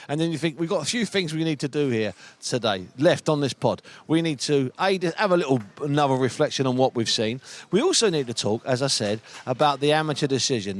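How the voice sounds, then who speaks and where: A man hosting a boxing podcast, chatty and emphatic, rambling between topics. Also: a little high. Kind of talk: lively ringside radio chat.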